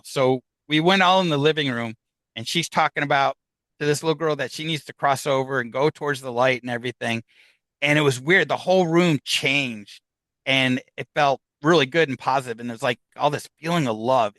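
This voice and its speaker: The recording is poor but has no echo, carrying a fairly high, bright, forceful male voice. He is an Upstate New York guest on a podcast, telling a drawn-out tale full of fillers and false starts, voicing what others said along the way.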